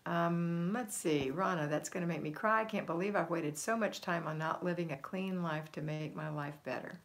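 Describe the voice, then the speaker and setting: A woman's voice: lowish voice, moderate pace. A middle-aged woman hosting a homemaking livestream, reading viewer comments aloud and answering them with encouragement.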